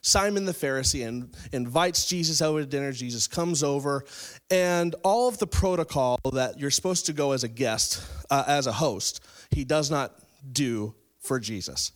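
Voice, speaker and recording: Preaching in a relaxed, conversational style, this pastor recounts a Bible story, alternating between stressed, loud passages and soft ones. He has a mid-range male voice and talks at normal speed.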